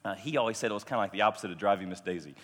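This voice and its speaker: Recorded with the long reverb of a big hall, this pastor has a lowish, fairly bright voice and speaks very fast. In his sermon he shares a personal story in a chatty, self-deprecating way, performing the dialogue himself.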